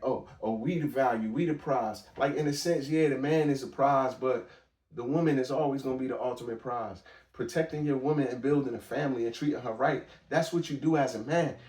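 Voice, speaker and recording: A man's voice: medium pitch, a little mellow, distant mic. Blunt man talking in an echoey room. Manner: blunt, emphatic street talk with frequent restarts. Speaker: podcast host. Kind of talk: casual commentary monologue.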